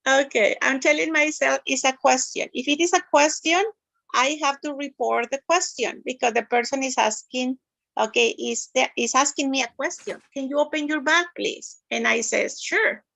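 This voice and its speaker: Female student, high and gravelly, argues her grammar point hesitantly. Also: normal speed, pushed and bright, poor audio. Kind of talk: questioning in a lesson.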